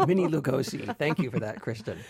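A man co-hosting a casual movie chat as a film critic, playful and quick to laugh. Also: mid-range voice, expressive, creaky, darkish tone, slightly rough, no echo.

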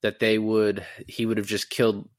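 A man's voice: on the low side, normal speed, no echo, clean studio sound. A man co-hosting a casual movie podcast, rambling and acting out lines from scenes. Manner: rambling, quotes movie lines in lively put-on voices. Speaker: podcast co-host.

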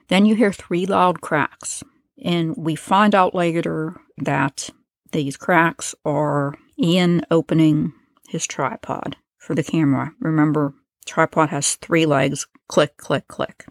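Low-voiced woman narrating true crime. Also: no echo, clean studio sound. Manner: conversational, explains and reads from a transcript. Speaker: podcast host.

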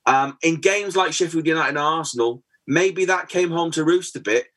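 This forties-aged co-host of a football podcast has a fairly high, fairly bright voice and talks at a normal speed. Chatting casually, he shares stories and performs the lines of the people in them.

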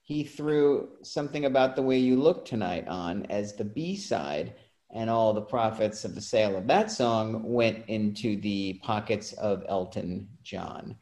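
A man co-hosting a casual chat, telling animated anecdotes with quick asides. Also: fairly low pitch. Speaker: podcast co-host.

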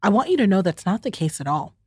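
A woman's voice: medium pitch, big pitch swings, fast talker, husky, dry recording, studio quality. A middle-aged woman, hosting a heartfelt solo chat and speaking candidly and directly to her listeners. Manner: warm, candid, talks straight to the listener as "friend" and "y'all". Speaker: podcast host.

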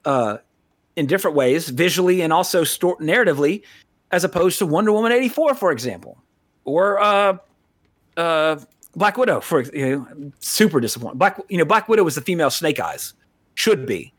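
A man's voice: on the high side, very animated, brisk, a bit bright, dry recording. An American man co-hosting a podcast in a casual, rambling, profane way, laughing often. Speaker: podcast co-host.

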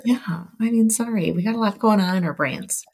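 A woman's voice: mid-range voice, fairly quick, darkish tone, husky. A middle-aged woman taking over a podcast as interviewer, chatting in a friendly, upbeat way. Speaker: guest interviewer. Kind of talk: casual chat.

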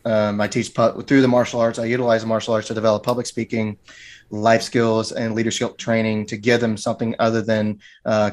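Rambling male martial arts instructor. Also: lowish voice. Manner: rambling, joking, many restarts. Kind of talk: casual interview talk.

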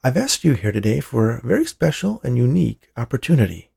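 A man doing a reckless, demanding inventor, pitched well above his own gravelly voice and swinging wildly in tone. He snaps and whines in exasperated bursts, with a husky edge underneath. A storybook character through and through. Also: big pitch swings, a little fast, mellow, exaggerated voice. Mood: grand. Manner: whiny, exasperated outbursts.

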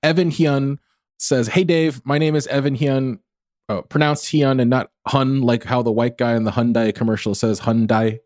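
A man reading listener questions on a podcast, with wry, deadpan asides. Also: mid-range voice, normal speed, no room sound, studio quality.

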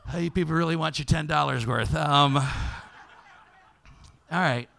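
A man hosting a podcast, telling a comic story in a loud, animated way that breaks into shouts. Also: fairly high pitch, unhurried, gravelly, slight background noise. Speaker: podcast host.

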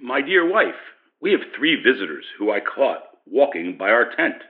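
An actor playing Abraham as an excited old man, hurrying his wife to bake for guests. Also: medium pitch. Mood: urgent. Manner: hurried, commanding. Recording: tinny phone-like sound.

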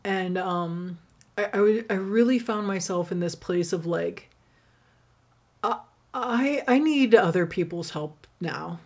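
A young woman talks through a personal story on her podcast, candid and rambling, tossing in swear words and plenty of "like" and "um". Her voice sits a little low for a woman, and the delivery is loose and conversational. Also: slow. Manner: candid, rambling, swears freely, many fillers. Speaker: podcast host and rideshare driver.

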